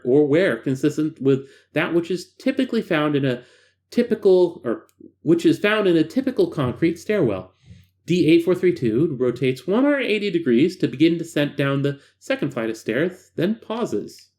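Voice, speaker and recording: A man's voice: a little high, a little mellow. A man hosting a reading of a horror file, mixing narration with chatty, self-deprecating asides. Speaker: host reading stories aloud.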